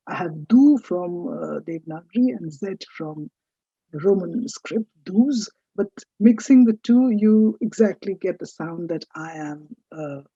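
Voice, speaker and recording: A woman teaching a French lesson, speaking slowly and patiently and repeating words for learners to copy. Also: fairly low pitch, mellow, breathy edge, dry recording. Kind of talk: recorded language lesson. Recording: dull lo-fi dry recording.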